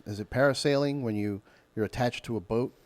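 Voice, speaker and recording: A man guesting on a podcast, telling a story in a loose, animated way and acting out other people's voices. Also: mid-range voice, a little fast. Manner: animated, acts out voices and yells mid-story. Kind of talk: casual storytelling.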